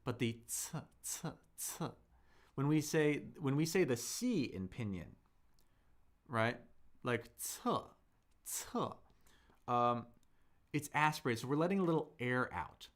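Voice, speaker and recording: A man hosting a live-stream Chinese lesson, slowly explaining pronunciation with lots of fillers and thanking viewers in the chat. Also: mid-range voice, lively intonation. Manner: slow, drawn-out speech with many fillers, demonstrating sounds.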